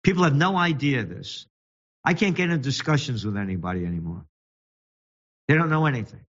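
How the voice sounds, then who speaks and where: A man's voice: medium pitch, very animated, a bit bright, lo-fi sound. Angry man ranting political commentary. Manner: indignant, mocking, swings between fast reading and slow emphatic jabs. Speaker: show host and magazine publisher.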